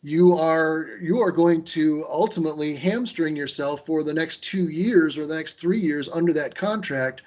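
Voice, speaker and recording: A man's voice: on the high side, moderate pace, hardly any pauses, a little mellow. A man leading an online training session on a video call, speaking conversationally with many fillers and restarts and giving firm recommendations. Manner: gives firm advice.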